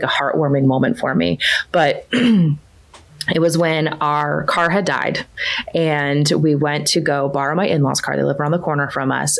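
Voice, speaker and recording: A woman in her thirties with a low, deep speaking voice tells a family story in relaxed conversation. She talks casually and gets animated, jumping way up in pitch when she quotes her kids. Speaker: coaching client sharing her story.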